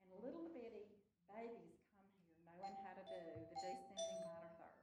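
A woman's voice: medium pitch, fairly quick, music in the background. Older woman, chatty workshop teacher, echoey hall, distant mic. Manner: chatty, animated, laughs often, asks the group to repeat. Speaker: children's music workshop presenter. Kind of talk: teaching talk to a live group.

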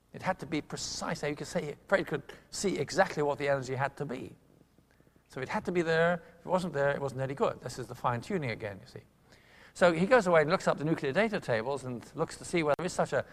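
An older man giving a public lecture, telling a science story with lively emphasis and quick asides. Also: fairly high pitch. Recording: long hall reverb.

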